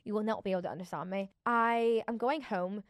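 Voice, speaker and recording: A woman from Belfast, Northern Ireland, with a Belfast accent, hosts a podcast as a chatty, rambling solo monologue, oversharing and saying "like" constantly. Her mid-range voice moves briskly, recorded in an indoor room with clean studio sound and no room noise.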